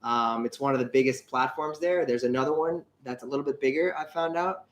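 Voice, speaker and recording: A man's voice: mid-range voice, fairly quick. A young man co-hosting a travel channel livestream, talking casually in a rambling, chatty way. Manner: chatty, rambling, many fillers and restarts. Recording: roomy echo.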